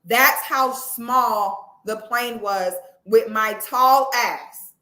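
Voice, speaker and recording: A woman vlogger telling a story in a casual, comic way, animated, with loud exclamations and cursing, speaking straight to her viewers. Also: on the high side, very slow. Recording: echoey room.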